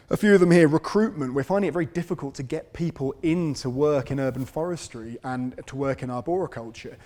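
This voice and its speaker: A man giving a conversational conference talk, relaxed and self-deprecating, with dry humour. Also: on the high side. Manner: relaxed, lots of fillers and repeats. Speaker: conference speaker on urban forestry. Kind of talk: conversational lecture.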